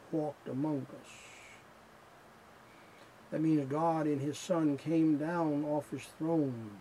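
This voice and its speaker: Slow, gravelly preacher. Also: male voice, fairly high pitch, mellow, slight background noise, poor audio. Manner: slow, emphatic preaching with rising fervor. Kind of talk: sermon.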